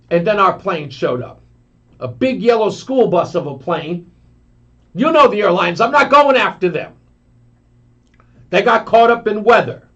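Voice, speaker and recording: A man hosting a talk radio show, telling a long story in an animated way and acting out the voices of the people in it. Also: high-pitched, dull audio.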